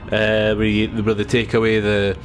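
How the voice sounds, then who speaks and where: A man's voice: fairly low pitch, monotone, moderate pace, slight background noise. A Scottish man chatting loosely while streaming a video game, rambling with lots of fillers. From Scotland. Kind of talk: casual gameplay commentary.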